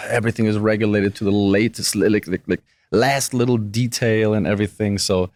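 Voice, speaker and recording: A man's voice: lowish voice, brisk, hardly any pauses, no room sound. A young man from Germany with a light German accent, chatting casually and easily as an interview guest. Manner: relaxed, chatty, frequent restarts. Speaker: guest, professional wrestler.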